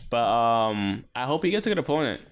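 Animated man in a casual chat. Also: a little fast, smooth. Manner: animated, swearing, mimics others in loud high voices.

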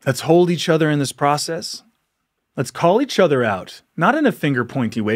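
Guy hosting a podcast, fired up and preachy, lots of rhetorical questions, voice on the higher side. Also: very animated, moderate pace. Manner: exhorting, rhetorical questions, laughs often. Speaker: podcast host. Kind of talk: impassioned monologue.

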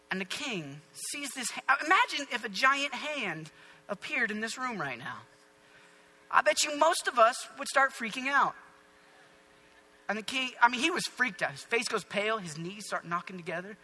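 High, bright-voiced male preacher. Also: normal speed. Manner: lively, conversational storytelling. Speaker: pastor. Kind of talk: sermon.

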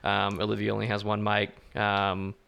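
A man's voice: moderate pace, gravelly, smooth. A man hosting a casual podcast chat, easygoing and steering the conversation. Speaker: podcast host. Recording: steady rumble in the background.

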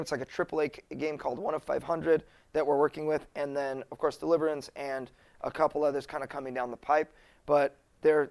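Gravelly animated man telling a story. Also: fairly high pitch. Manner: animated, acts out his own past lines. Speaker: Christian board game publisher. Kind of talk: casual storytelling talk.

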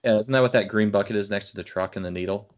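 A man's voice: lowish voice, fast. A man co-hosting a podcast in casual chat, joking and telling rambling stories, on muffled lo-fi audio. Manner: rambling storyteller, jokey. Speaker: podcast co-host.

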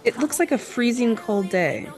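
Expressive, scornful woman co-host. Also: a little high, music in the background. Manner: quick, scornful reactions. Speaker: podcast co-host. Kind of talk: casual chat over a TV show.

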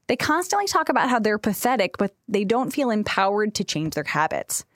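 Lively, laughing woman podcast co-host. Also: mid-range voice, brisk, dry recording, clean studio sound. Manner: lively, laughs often, animated storytelling. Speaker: podcast co-host answering listener questions. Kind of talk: casual chat.

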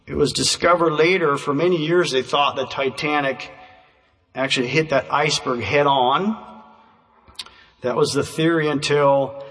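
A man preaching a sermon, telling illustrations in a measured, emphatic way that slows down to stress key phrases. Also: on the high side, steady tone, a bit bright. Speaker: pastor. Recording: distant voice in a reverberant hall.

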